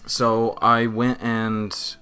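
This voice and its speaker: Young male podcast co-host, swears a lot in lively anecdotes, faint music behind. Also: mid-range voice, extremely slow, smooth. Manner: animated, profane storytelling. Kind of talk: casual chat.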